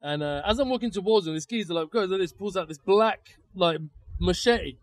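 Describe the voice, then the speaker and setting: A man tells a story on location for his podcast. He talks in a rather high voice, animated and sweary, and bursts into the shouts of the people in his story. It sounds like casual podcast talk recorded outdoors. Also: brisk. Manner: animated, swears a lot, acts out shouted quotes. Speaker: podcast co-host.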